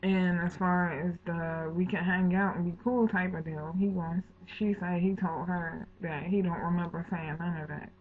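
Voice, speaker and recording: A woman's voice: on the low side, steady tone, normal speed, hardly any pauses, slight background noise. A woman telling a true story for her vlog in a heated, indignant way, full of slang, swearing and acted-out bits of the conversation. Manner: heated, indignant retelling with slangy asides and quoted dialogue. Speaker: vlogger. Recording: tinny phone-like audio.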